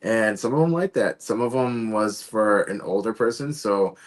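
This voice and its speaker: A man's voice: lowish voice, moderate pace. A man in casual chat, an actor sharing his own audition stories in an easygoing way and chuckling along.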